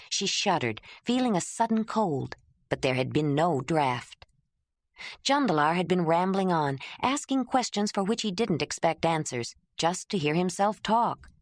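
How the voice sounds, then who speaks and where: A woman narrating an audiobook in a measured, even tone. Her voice sits on the low side and sounds dry and close to the mic. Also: no echo. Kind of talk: scripted narration.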